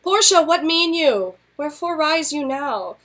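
A woman's voice: high-pitched, lively intonation, a little slow, a bit bright, pitched above the performer's own voice. A woman reading the part of Brutus, a brooding and evasive Roman nobleman, in a curt, dismissive way in a Shakespeare scene.

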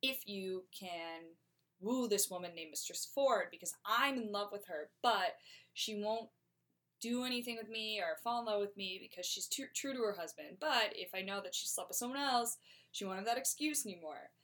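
A woman voicing a jealous, suspicious middle-aged husband who talks in a fretful, rushed, scheming way. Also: mid-range voice, fairly bright tone, natural voice.

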